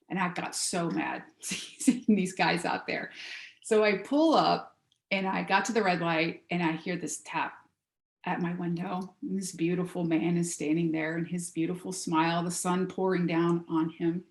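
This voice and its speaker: A woman giving a heartfelt spiritual talk over a video call, telling a story gently before leading a meditation. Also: lowish voice, reverberant. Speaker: guest speaker.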